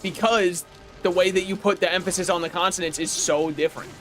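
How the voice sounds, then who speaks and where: High-pitched young American male streamer, rambling casual chat with excitable outbursts, soft music underneath. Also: fairly quick. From United States. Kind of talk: casual gaming livestream chat.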